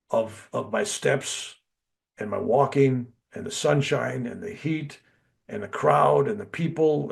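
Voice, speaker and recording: An older man telling a personal story in an animated way, acting out the people he quotes. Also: mid-range voice, creaky. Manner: animated, quotes others in lively bursts. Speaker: guest recounting a near-death experience.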